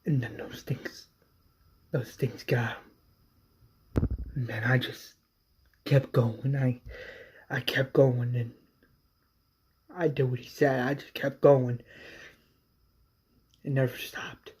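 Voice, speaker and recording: A man voicing a shaken male survivor who blames himself, talking haltingly and repeating himself. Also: little pitch movement, slightly rough. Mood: guilt-ridden. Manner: halting, repeating, low and hushed.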